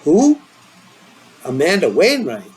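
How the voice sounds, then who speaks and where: A man's voice: huge pitch swings, takes it slowly, a little hiss or hum, heavily acted, poor audio. A man voicing a teasing, eager teenage boy, in a playful, needling manner. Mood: excited teasing. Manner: playful, needling, higher and brighter than his own voice.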